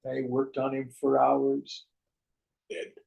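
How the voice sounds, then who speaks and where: A man leads a scripture class in a slow, deliberate voice. He pauses for effect and sometimes acts out short quotes. His pitch sits in a middling range. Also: completely flat delivery, gravelly, a little mellow, rough recording. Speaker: teacher of Gita class. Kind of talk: spiritual talk to a group.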